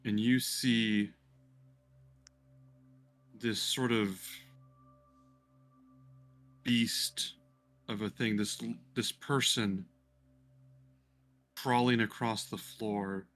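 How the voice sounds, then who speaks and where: A man narrating as game master for a tabletop game, hesitant with many pauses. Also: on the low side, steady tone, fairly bright tone, faint music behind. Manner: hesitant, many ums, descriptive.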